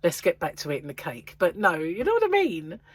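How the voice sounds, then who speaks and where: This crochet vlogger hosts a casual chat to camera in a fairly low voice with huge pitch swings, talking a little fast with a breathy edge and no echo. She's chatty and rambling, mocks herself and laughs at her own jokes, and her slightly stuffy nose sounds like it's about to make her sneeze.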